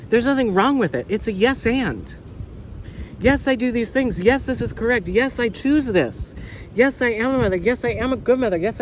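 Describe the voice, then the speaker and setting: An effusive man reading tarot cards outdoors on a beach, his voice sitting high and swinging widely in pitch. He talks slowly, with faint wind noise behind him. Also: poor audio. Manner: excitable, effusive, repeats words. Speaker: tarot reader. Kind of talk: casual tarot reading video. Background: wind and faint ambience.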